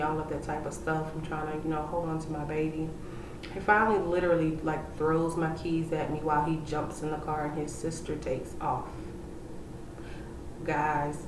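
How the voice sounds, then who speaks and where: A woman in her thirties with a low voice recounts a frightening personal story for her vlog, intense and breathless, full of "like" fillers. She sits back from the camera mic in an echoey room. A steady hiss of noise runs behind her. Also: moderate pace. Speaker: vlogger telling a personal story. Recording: roomy echo, distant from mic, with background noise.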